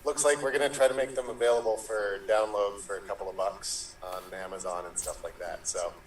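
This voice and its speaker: A man taking part in an online improv show, speaking in a relaxed way and hedging with fillers. His voice sits at an ordinary pitch. The sound is echoey, in a room and well back from the mic. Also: fairly quick, distant mic. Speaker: improv performer.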